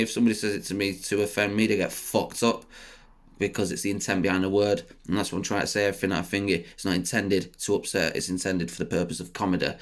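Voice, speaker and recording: Rambling man, low voice. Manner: laughs at his own jokes, bursts into loud high outbursts; rambling, swearing, many fillers. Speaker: comedian. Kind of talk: sit-down comedy storytelling.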